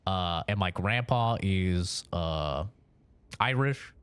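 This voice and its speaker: A man's voice: deep voice, lively intonation, slow pace, a bit bright, smooth, no room sound. A young man from Oregon, chatting casually with his stream chat in a rambling, profane way, laughing between points.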